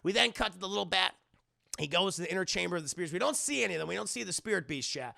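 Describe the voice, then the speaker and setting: A man's voice: high voice, lively intonation, racing, creaky, sharp tone. A man reviewer giving a loose, profane, casual recap of an episode and acting out the scenes for his stream chat. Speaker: show reviewer.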